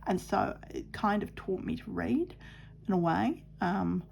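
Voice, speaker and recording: Middle-aged woman, gravelly, mid-range voice, chatty craft vlogger who tells meandering stories. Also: mid-range voice, unhurried, a little hiss or hum. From New Zealand. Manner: rambling, chatty, with frequent fillers and soft asides. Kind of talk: casual storytelling while sewing.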